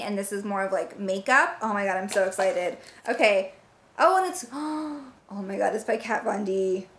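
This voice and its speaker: A young woman on her vlog, casual and gushing, gasping with excitement as she unboxes. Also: medium pitch. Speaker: book vlogger. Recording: echoey room with faint hiss.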